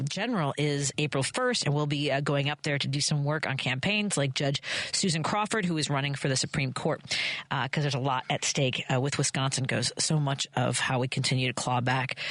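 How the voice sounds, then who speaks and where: A woman's voice: sits low, a bit bright, no echo. A middle-aged woman hosting a talk radio show, speaking passionately and often restarting her sentences. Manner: impassioned, rambling, many restarts.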